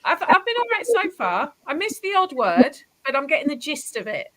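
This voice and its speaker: A woman's voice: high-pitched, moderate pace, poor audio. A woman from southern England, a historian guest, chatting enthusiastically on a talk show. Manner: enthusiastic, animated storytelling. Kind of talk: casual interview chat.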